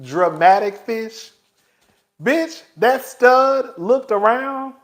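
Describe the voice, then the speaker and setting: A man vlogger telling a story in a casual, animated and dramatic way, laughing often and calling his listeners girl. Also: extremely high pitch, drawn-out words.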